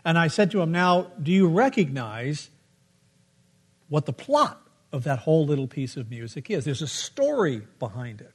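A middle-aged man delivers a sermon in a playful, storytelling style, humming melodies as he goes. His voice is on the high side, with a sing-song lilt and a moderate pace.

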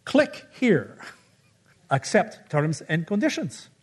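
A man's voice: high voice, sing-song, takes it slowly, breathy edge, exaggerated voice. A man voicing the devil as a slick, salesman-like dealmaker offering a contract. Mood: businesslike.

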